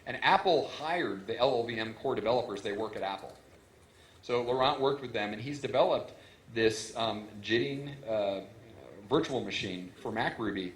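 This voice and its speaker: A man's voice: mid-range voice, normal speed, slight background noise. A man giving a technical conference talk, explaining in a casual way with lots of fillers and restarts, into a stage microphone. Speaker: conference speaker. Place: conference hall. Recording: roomy hall echo.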